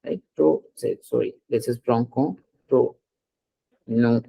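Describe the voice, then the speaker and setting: A male language teacher with a mellow, slightly husky voice walks a student through pronunciation rules one step at a time. He talks patiently and keeps prompting her to read words out loud. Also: medium pitch, takes it slowly, poor audio. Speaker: French teacher.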